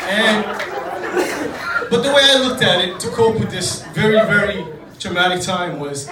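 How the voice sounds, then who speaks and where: A man's voice: high voice, expressive, moderate pace, recorded from a distance, a loud crowd. A man from Djibouti doing a casual, profane stand-up routine in a comedy club. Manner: casual, profane, self-deprecating storytelling to a live audience. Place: comedy club stage with audience laughter. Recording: echoey club recorded from afar, loud ambience.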